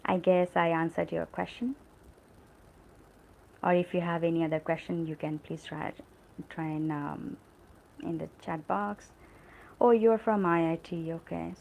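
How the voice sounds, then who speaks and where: A woman with an Indian English accent hosts a live English lesson, chatting in an encouraging, casual live-stream style full of fillers. Her lowish voice is creaky and mellow at a normal speed, though the audio is poor and has slight background noise.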